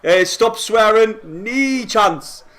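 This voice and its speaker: High-voiced excitable football fan. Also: male voice, drawn-out words. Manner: excitable, shouting and swearing at goals, then quietly reading chat. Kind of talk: live match reaction stream.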